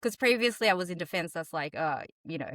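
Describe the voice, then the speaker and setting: A woman's voice: lowish voice, lively intonation, quick pace, fairly bright tone, dry recording, studio quality. Chatty female podcast co-host. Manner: chatty, laughs along. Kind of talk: casual chat.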